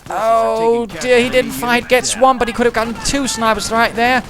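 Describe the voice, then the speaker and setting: A man giving quick, chatty play-by-play commentary on a strategy game, with dry humour and British turns of phrase. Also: very high voice, flat delivery.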